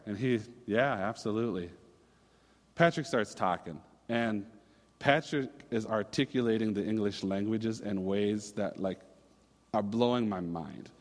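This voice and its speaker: A man's voice: lowish voice, measured pace. Casual preacher in his thirties, hall echo. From Minnesota. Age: 30s. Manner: casual, storytelling, many fillers and restarts. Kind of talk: sermon.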